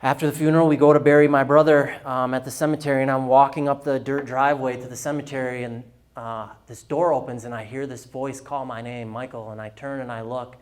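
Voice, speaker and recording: A man's voice: mid-range voice, level tone, fairly quick. A man giving a personal testimony at a business luncheon, telling his story candidly and acting out the dialogue. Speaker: guest speaker.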